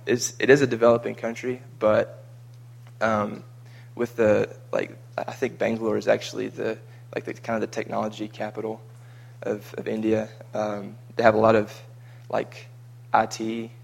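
Flat, gravelly man chatting. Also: on the low side. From United States. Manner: chatty and rambling, with frequent repeated words. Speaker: vlogger recounting a mission trip. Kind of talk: casual chat.

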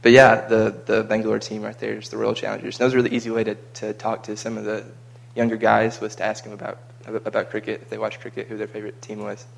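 Casual guy, low gravelly voice, flat delivery, rambling travel chat. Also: fast, few pauses. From United States. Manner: chatty and rambling, with frequent repeated words. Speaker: vlogger recounting a mission trip.

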